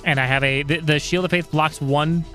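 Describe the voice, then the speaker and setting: A man streaming a game, talking excitably, swearing freely, and tripping over words now and then. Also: on the high side, moderate pace, faint music behind. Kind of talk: casual game commentary.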